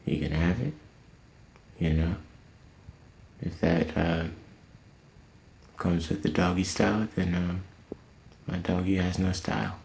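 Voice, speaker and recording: Low gravelly man riffing in a closet. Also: flat delivery, slow pace, pauses often, a little hiss or hum. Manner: self-amused, bursts into loud laughing riffs. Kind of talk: loose comic monologue. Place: empty closet.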